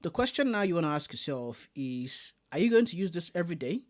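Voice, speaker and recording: Very animated and a little fast, this fairly high-pitched male tech reviewer chats casually about a streaming mixer. He demonstrates its features live while talking.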